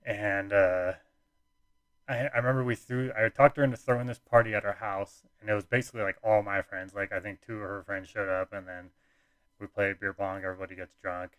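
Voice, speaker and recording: A young man tells a personal story on his podcast, loose and rambling, stopping and restarting his sentences. His voice sits low, and the close mic gives it a dry, roomless sound. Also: steady tone, brisk, fairly bright tone, dry recording. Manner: rambling, laid-back, frequent fillers and restarts. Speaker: podcast host.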